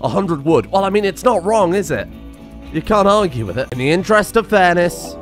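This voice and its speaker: A young man giving excitable, sarcastic let's-play commentary and laughing often. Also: high-pitched, a little fast, faint music behind. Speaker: gaming channel host.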